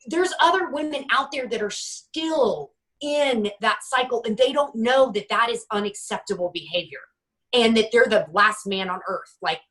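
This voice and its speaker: A woman in her forties speaks candidly as an interview guest, her voice bright and forceful. She stops and restarts often, then livens up to act out the lines of people in her stories. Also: on the high side, low-quality recording. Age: 40s. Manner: halting, many restarts, lively quoting of others. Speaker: guest author.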